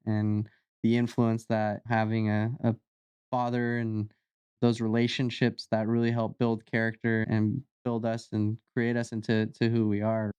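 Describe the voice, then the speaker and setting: Flat, smooth-voiced podcast host. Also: medium pitch, dry recording. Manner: reflective, affirming listener. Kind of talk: interviewing.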